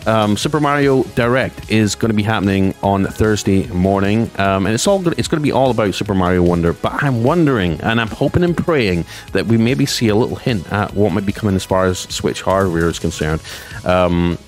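A lower-pitched man talks through gaming news in a loose, chatty vlog. He rambles, backtracks, and speeds up and slows down as his excitement comes and goes. Faint music plays quietly behind him. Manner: chatty and rambling, with frequent restarts and asides; excitable, shifting between fast and slow delivery.

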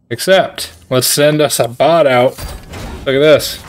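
Excitable gaming streamer, slightly high voice. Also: male voice, takes it slowly, soft background music. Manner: excitable, trash-talking, jokey. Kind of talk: casual gameplay commentary.

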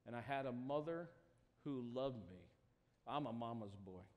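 A man preaching to a youth camp, speaking with emotion and rising to loud, passionate appeals. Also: medium pitch, animated, normal speed. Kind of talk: sermon. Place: camp meeting hall with student audience. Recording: echoey hall, poor quality.

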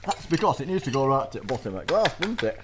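A man's voice: medium pitch, very animated, fast talker, a crowd in the background. A man hosting a casual cooking demonstration, chatty and instructive, bantering with his guest. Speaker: cookery show host. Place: school kitchen.

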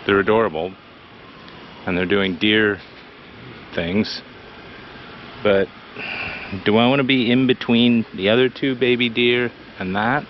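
A man from British Columbia talking to his camera while walking outdoors, blunt, excitable and full of swearing. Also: lowish voice, measured pace, pauses often, dull audio, a little hiss or hum. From British Columbia, Canada. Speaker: vlogger. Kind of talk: casual walking vlog. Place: outdoors by a city beach.

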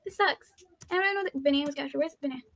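Brief: high, bright-toned woman, excitable let's-play commentary, frantic repeated pleas. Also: fast talker. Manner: thinks aloud, with frequent "let's see" and "I don't understand". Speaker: YouTuber playing an online game. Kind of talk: casual gameplay commentary.

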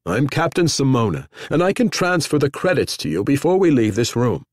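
A male narrator voicing a dapper, smooth-talking captain with a slightly raised voice. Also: medium pitch, sing-song, fairly quick, no room sound, studio quality, pitched above the performer's own voice. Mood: eager.

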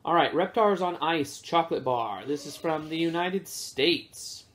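A man casually reviewing snacks with his kids in a relaxed, chatty way, with plenty of fillers. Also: fairly high pitch, a little slow, slight background noise.

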